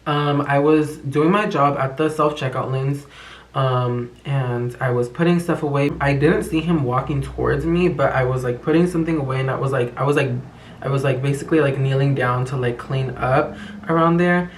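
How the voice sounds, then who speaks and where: A man's voice: mid-range voice, steady tone, moderate pace, slight background noise. A young man talks through a story in a loose, rambling way, full of slang and cursing. His voice sits in a mid register. The room around him is bare and echoey. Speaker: vlogger. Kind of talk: casual storytime vlog.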